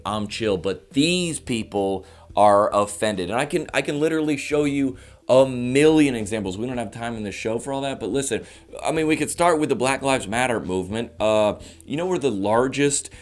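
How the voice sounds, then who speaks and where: Animated comedian ranting to camera. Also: male voice, mid-range voice. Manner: rapid, animated rants with mock voices. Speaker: comedian host.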